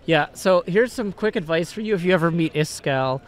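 A man's voice: on the high side, animated, fairly quick. A man playing on a livestream, rambling and thinking aloud as he guesses. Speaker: player. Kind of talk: casual livestream chat.

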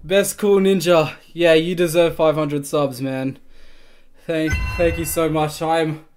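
A male livestreamer thanking donors on a live stream, stammering and swearing in disbelief, with sudden bursts of shouting. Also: a little high, fairly even intonation, takes it slowly, slight background noise.

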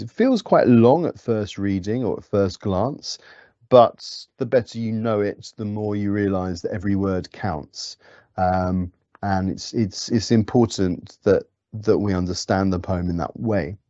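Low-voiced male teacher explaining a poem. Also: warm tone, no room sound, dull audio. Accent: British English. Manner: explanatory with frequent ums and restarts. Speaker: English teacher. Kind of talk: lecture.

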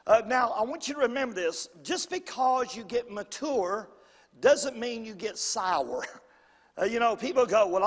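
A man preaching a sermon in a folksy way, repeating phrases and calling on the congregation to answer. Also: extremely high pitch. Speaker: pastor. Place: church sanctuary. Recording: long reverb of a church hall.

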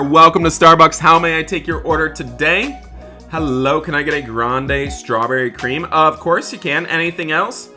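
A man doing upbeat game role-play commentary as a barista, excitable and talking to viewers as guys. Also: a little high. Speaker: gaming YouTuber playing a barista.

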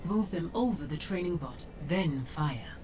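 A woman voicing a calm female AI training guide in a video game, speaking in a measured, instructive way. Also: lowish voice, noisy background. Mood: guiding. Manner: measured, instructive, even-toned. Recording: distant game audio with loud music.

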